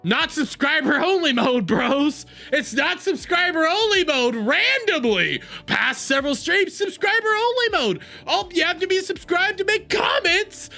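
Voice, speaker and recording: A woman hosting a livestream, ranting in an exasperated, animated way with heavy swearing, on a desk mic at home. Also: extremely high pitch, vocal fry. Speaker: livestream commentary host. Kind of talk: casual livestream rant. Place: home streaming room. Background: faint background music.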